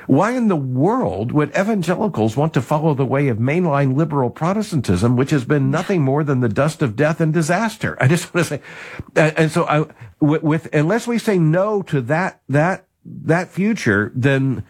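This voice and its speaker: Guest, man, husky voice, restarts that give way to firm conviction. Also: fairly high pitch, expressive. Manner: halting restarts, then forceful conviction. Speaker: podcast guest. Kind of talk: conversational commentary on faith.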